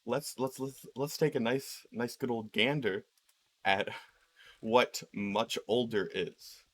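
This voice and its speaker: A man's voice: medium pitch, slow pace, a bit bright, dry recording. A man ranting casually while playing a game, rambling with lots of fillers and swearing. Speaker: video creator. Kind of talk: casual rant while gaming.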